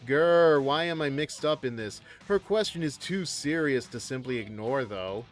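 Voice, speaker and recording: Streamer guy reading game lines out loud, goofy tangents, voice jumps all over, quiet game music behind. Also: mid-range voice, animated, moderate pace. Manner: jokey, rambling asides. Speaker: streamer playing a visual novel. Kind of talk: reading game text aloud and commenting.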